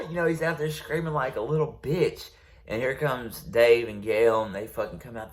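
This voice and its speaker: A man's voice: medium pitch, expressive, moderate pace, a bit bright. A man hosting his own channel, telling a personal story in a rambling, profane way, full of ums and restarts. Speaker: channel host.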